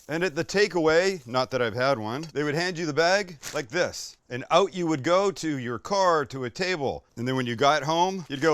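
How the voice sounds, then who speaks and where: A man hosting a casual cooking demonstration, excitable and chatty, swearing when delighted and talking straight to the viewer. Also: on the high side, moderate pace, hardly any pauses, smooth. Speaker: cooking show host.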